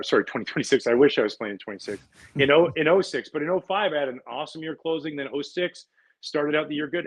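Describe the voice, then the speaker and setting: A middle-aged man from Canada, a former pitcher, chatting as a guest and telling stories with lively laughs and quick restarts. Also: rough recording. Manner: animated storyteller, laughs often, restarts words. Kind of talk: casual interview chat, storytelling.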